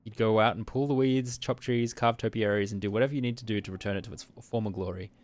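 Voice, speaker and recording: A man streaming a visual novel, reading its narration briskly and muttering asides while laughing at himself. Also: lowish voice, steady tone, a little mellow.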